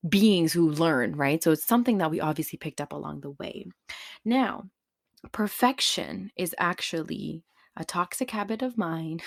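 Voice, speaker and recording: A woman hosts her own podcast in a relaxed, chatty way, fond of calling the listener baby and honey. Her voice sits a bit low, and the sound is close and dry with no room in it. She sprinkles her talk with fillers and quick tag questions. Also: no room sound. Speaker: podcast host. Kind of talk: casual solo podcast talk.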